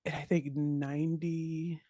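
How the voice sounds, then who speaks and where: A woman with a Southern US accent, chatting as a podcast guest, animated and laughing often as she acts out what people said. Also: sits low, takes it slowly, no echo, clean studio sound. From United States. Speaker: podcast guest, web developer. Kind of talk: casual interview chat.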